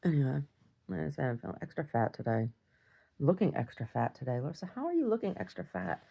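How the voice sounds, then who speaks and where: A woman with a low, husky voice chats through her video diary at home. Her gravelly tone rises and falls a lot as she rambles, often teasing herself. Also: very animated, quick pace, mellow. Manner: rambling, self-deprecating chatter. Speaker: video diarist.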